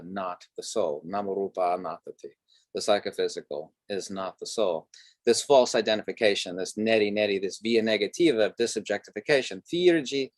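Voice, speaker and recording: Man, low voice, dry close sound, rambling lecture-style podcast guest. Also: dry recording. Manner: discursive, lecturing, many fillers. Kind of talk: philosophical conversation.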